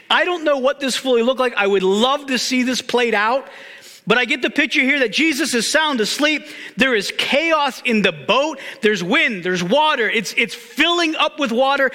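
Pastor, male, very high bright voice, emphatic repeated phrases, reverberant hall. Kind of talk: sermon.

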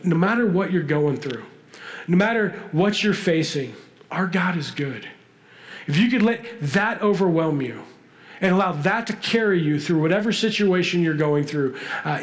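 A man preaching a sermon in a church, earnest and pausing, his voice moving between urgent and hushed. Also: on the high side, reverberant. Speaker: pastor.

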